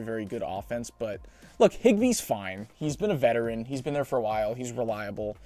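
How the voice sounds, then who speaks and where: Young guy breaking down draft picks, animated, jokey, dry mic, mid pitch. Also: no echo. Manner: chatty, animated, self-deprecating asides. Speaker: sports show host. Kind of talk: casual mock draft commentary.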